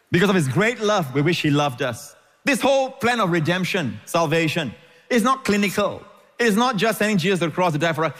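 A man's voice: high-pitched, big pitch swings, fairly quick, a bit bright, in a large hall. A man preaching a sermon as pastor, emphatic and repeating phrases for stress.

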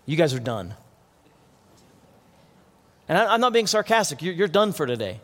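A man's voice: fairly high pitch, very animated, moderate pace, fairly bright tone. Male pastor, sermon, earnest, repeats words, church hall, lingering reverb.

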